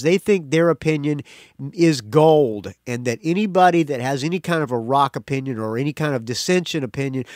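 Podcast host, male, opinionated rambler with a very animated pitch, recorded dry and close. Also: no echo. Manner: opinionated, rambling, self-correcting, sarcastic. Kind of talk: casual solo podcast rant.

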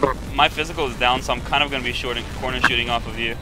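A man leading his squad in casual gaming voice chat, calm and giving instructions. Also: mid-range voice, racing, over loud music, low-quality recording. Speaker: squad leader, channel host.

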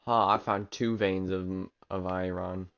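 A man's voice: sits low, vocal fry, fairly bright tone. A man streaming a video game, chatting casually and teasing the characters on screen in a rambling way. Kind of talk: casual gameplay commentary.

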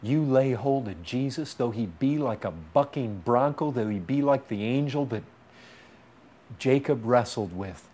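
Male preacher, mid-pitched, impassioned sermon delivery, loud pleas dropping to hushed intensity, repetitive cadence. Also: animated, unhurried. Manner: repetitive, pleading rhetorical cadence.

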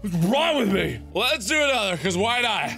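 A man doing let's play commentary, loud and exclaiming, teary and pained from wasabi burn. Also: sits high, very animated, moderate pace, vocal fry, soft background music. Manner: loud, exclaiming, yelping in pain. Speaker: gaming video host.

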